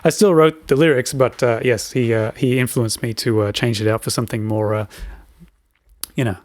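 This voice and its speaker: Man, podcast co-host, casual rambling chat, mid-pitched voice, lots of fillers. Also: steady tone, normal speed, a little mellow, no echo. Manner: rambling, full of fillers and restarts.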